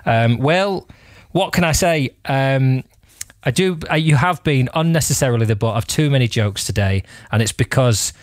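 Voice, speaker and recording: A man hosting a radio show, with a mid-pitched voice in a dry studio. His teasing banter rambles on and often breaks into laughs. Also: lively intonation, moderate pace, no room sound.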